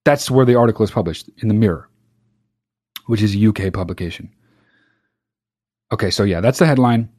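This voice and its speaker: A man's voice: on the low side, moderate pace, pauses often. A man hosting a podcast, ranting sarcastically and profanely as he reads a news story aloud. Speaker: podcast host. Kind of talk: casual comedic podcast rant.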